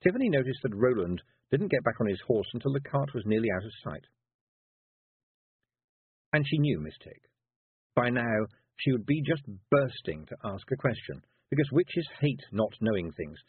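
A man reading a storybook aloud in an expressive, measured narration. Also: mid-range voice, slightly rough. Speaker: audiobook narrator. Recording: tinny phone-like dry sound.

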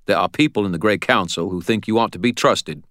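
A man's voice: on the low side, quick pace, fairly bright tone, no echo, clean studio sound, voice pushed up, close to an everyday voice. A man voicing a stern, blunt old male wizard mentor who scolds in a growling, folksy way. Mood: angry.

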